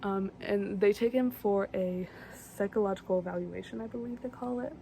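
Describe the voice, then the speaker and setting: A woman's voice: medium pitch, normal speed, creaky, mellow, slight background noise. A young woman casually recapping a film in a rambling, chatty way, full of fillers and asides. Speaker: vlogger recapping films.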